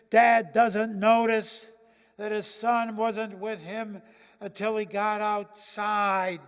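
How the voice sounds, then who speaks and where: A male pastor preaching a sermon in a church, swinging dramatically from loud declarations to hushed near-whispers. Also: high voice, big-room sound.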